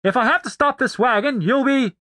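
A man voicing a blustering captain driving a prisoner wagon, shouting threats. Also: extremely high pitch, fairly quick, no room sound, clean studio sound, pitched above the performer's own voice. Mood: angry.

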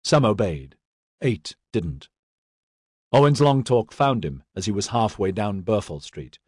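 A man reading fantasy fiction as a steady, measured audiobook narrator. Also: on the low side, slightly rough, no echo, studio quality. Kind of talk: scripted narration.

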